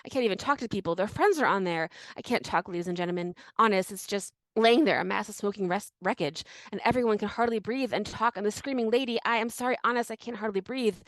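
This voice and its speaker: A woman's voice: medium pitch, quick pace, few pauses, no echo, natural voice, low-quality recording. Lady doing a panicky old-school radio reporter guy, breathless, keeps repeating himself, dry close sound. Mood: panicked. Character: frantic male radio reporter at a disaster. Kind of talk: dramatic reading of an archive report.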